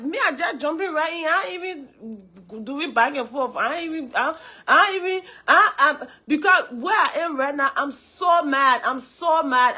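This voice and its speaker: A woman with a Liberian English accent, hoarse from a cold, hosting a live stream, greeting viewers and repeating her points emphatically. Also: high-pitched, bright, forceful tone.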